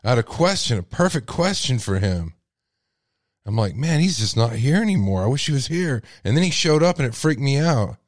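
A man with a Texas accent and a deep voice, hosting a casual livestream and reacting with loud disbelief. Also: brisk, no room sound, studio quality. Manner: animated, exclaiming in disbelief. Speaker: podcast host.

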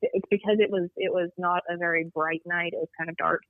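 A woman guest telling an eerie personal story in an animated, rambling way, acting out what people said. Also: lowish voice, fairly quick, no room sound. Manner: animated, rambling storyteller who acts out dialogue. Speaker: guest telling a Bigfoot encounter. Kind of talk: storytelling on a call-in interview. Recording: tinny dry phone line.

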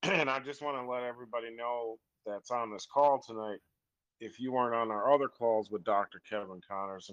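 A man's voice: mid-range voice, muffled recording. Earnest man hosting a call. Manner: earnest, animated, frequent "I'm like" asides. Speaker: host. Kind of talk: conversational storytelling on a call.

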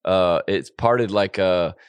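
Co-hosting a podcast, a man with a low, clean voice chats casually at a slow pace, rambling, cracking jokes, and correcting himself. The recording is dry.

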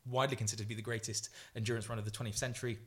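Animated man telling a story in a podcast chat. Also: mid-range voice, very fast. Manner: animated storyteller, acting out quotes, many fillers and restarts. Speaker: guest athlete.

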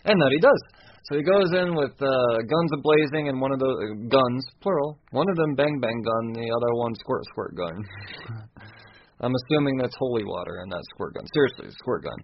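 A man talks his way loosely through a story recap, cursing freely, stumbling over words and chuckling at himself. His voice sits at an ordinary middle pitch. The recording is a bit dull and lo-fi, with a faint hiss underneath. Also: moderate pace. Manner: rambling, profane, laughs at himself. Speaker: comic book recapper. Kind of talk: casual spoken recap.

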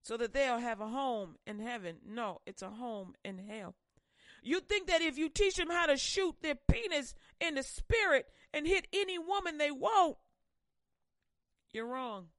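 A woman preacher delivering a fiery sermon, swinging between loud pushes and hushed warnings. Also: sits high, animated, measured pace, dry recording.

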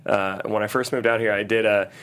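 A man's voice: fairly low pitch, fairly even intonation, fairly quick, a bit bright. A man hosting a casual chat, joking and teasing with punning asides.

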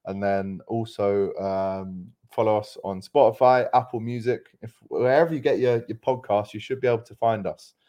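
A man's voice: lowish voice, fairly even intonation, normal speed, few pauses, mellow, muffled recording. A man with a Scouse accent from Liverpool, hosting a live football podcast in upbeat, chatty talk and reading out viewer comments. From Liverpool, England. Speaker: podcast host.

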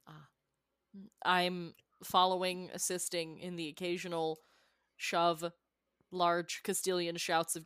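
A woman speaks slowly and unhurriedly as a tabletop player. Her voice is mid-pitched and dry, recorded close. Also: flat delivery, fairly bright tone, clean tone, no echo. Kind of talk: tabletop role-play chat.

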